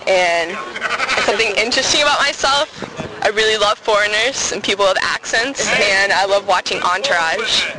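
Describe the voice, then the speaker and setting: A woman's voice: mid-range voice, moderate pace, low-quality recording. An eighteen-year-old woman swimmer introducing herself casually, with hesitations and fillers. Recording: crowd noise behind.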